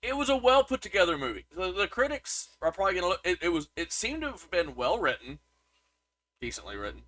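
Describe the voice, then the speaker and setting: A man's voice: high voice, big pitch swings, fast, a bit bright, no room sound. A man co-hosting a podcast, chatting casually about a movie and reading reviews aloud, with lots of restarts. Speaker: podcast co-host.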